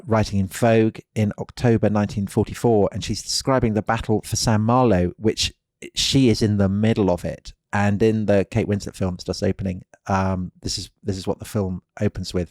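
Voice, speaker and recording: Man, lowish voice, podcast co-host, chatty, quick quips, dry sound. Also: steady tone, darkish tone, no room sound. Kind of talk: casual conversation.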